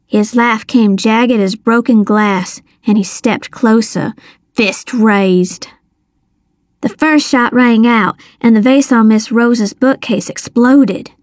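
A woman narrating a story in the first person, measured and dramatic. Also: fairly high pitch, no room sound, studio quality. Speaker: audiobook narrator.

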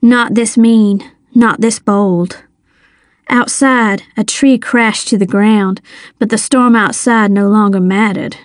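A woman narrating a story in the first person, measured and dramatic. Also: medium pitch, steady tone, dry recording, studio quality. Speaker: audiobook narrator.

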